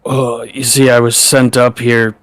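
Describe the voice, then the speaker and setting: A man's voice: mid-range voice, flat delivery, unhurried, a bit bright, no echo, lightly acted. A man voicing a nervous young male half-orc adventurer, speaking hesitantly and fumbling his words.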